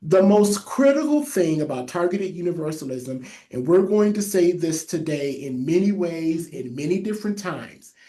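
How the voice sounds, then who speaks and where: A public health trainer with a lisp giving a webinar presentation, stressing and repeating key phrases for note-takers. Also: male voice, fairly high pitch, big pitch swings, moderate pace, few pauses, mellow.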